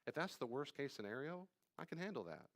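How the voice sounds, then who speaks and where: A man, a pastor, teaching a live Bible study class, talking straight to his listeners with emphatic repetition and sudden drops to quiet asides. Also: on the high side, very animated, fairly quick. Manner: conversational, addresses listeners directly.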